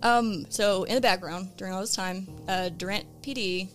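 A woman's voice: medium pitch, normal speed, soft background music. A woman hosting a podcast, recounting a case in casual, conversational storytelling with plenty of ums and uhs. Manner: relaxed, conversational, with frequent "um" and "uh". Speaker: true crime podcast host.

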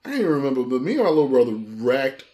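Man, podcast co-host, casual conversation, relaxed, expressive pitch. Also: rapid-fire. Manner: relaxed, reacting with short affirmations. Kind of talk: casual chat.

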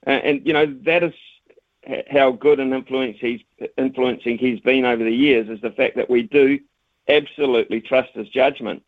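A man's voice: medium pitch, fairly even intonation, normal speed, no room sound. New man on a tinny phone line. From New Zealand. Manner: stammering, repeats words, chatty. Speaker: cricket commentator, radio guest. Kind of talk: casual radio phone interview.

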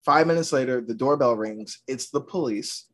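A young man from Georgia spins a comic story as a podcast guest. He slips into the voices of the people he describes, animated and quick. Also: medium pitch. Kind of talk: comedic storytelling.

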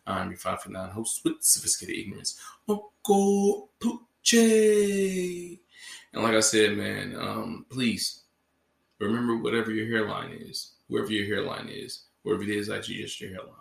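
A man talks loosely to his listeners, drifting from thought to thought and leaning on "like" as he goes. His voice sits low and sounds heavily gravelly. The recording carries a roomy echo. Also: level tone, a little fast, a bit bright. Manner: rambling, heavy on "like" fillers. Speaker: podcast host. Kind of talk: casual closing monologue.

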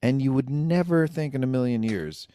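Mid-pitched man chatting enthusiastically. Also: moderate pace, warm tone, clear, resonant tone, no room sound. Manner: enthusiastic and admiring. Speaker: podcast co-host. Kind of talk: casual chat.

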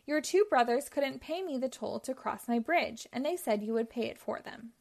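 A woman's voice: fairly high pitch, expressive, normal speed, gravelly. A woman voicing a grumpy, money-minded male troll who blusters when crossed. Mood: blustering.

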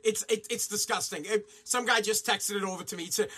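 A man with a very high, bright voice rants about sports with heavy profanity, mocking and mimicking the people he talks about. His tone is husky and rough at the edges. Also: fairly even intonation, fairly quick. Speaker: sports commentary host. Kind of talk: ranting sports commentary.

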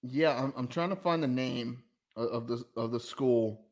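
Southern male podcast co-host, casual, rambling storyteller, mid-pitched. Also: moderate pace. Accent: Southern American. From American South. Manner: rambling, many restarts, animated storytelling. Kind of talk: casual sports chat.

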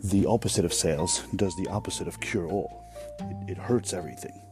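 Low-voiced man rambling casually. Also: a little fast, a little mellow, faint music behind. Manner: meandering, swears, corrects himself mid-sentence. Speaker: podcast host; restaurant worker.

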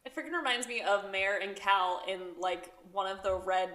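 A woman's voice: mid-range voice, normal speed, a crowd in the background. A woman co-hosting a casual book chat, talking expressively and reacting with exclamations. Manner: expressive, exclaims and laughs along. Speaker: podcast co-host.

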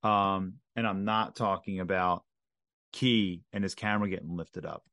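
A man's voice: deep voice, steady tone, normal speed, fairly bright tone, no room sound, studio quality. A man co-hosting a wrestling podcast, casually leading a segment and reading off a list. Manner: leads the segment, reads off a list. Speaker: podcast co-host. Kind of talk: casual chat.

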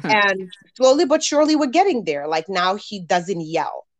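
A woman talking about her parenting in a casual chat, chatty and animated with laughing asides. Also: medium pitch, normal speed. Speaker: parent sharing experiences.

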